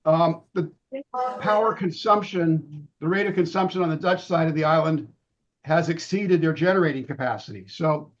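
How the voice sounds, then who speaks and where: A middle-aged man losing his voice, giving a relaxed presentation with many ums and restarts over a video call. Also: on the high side, normal speed. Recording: dull lo-fi video-call audio.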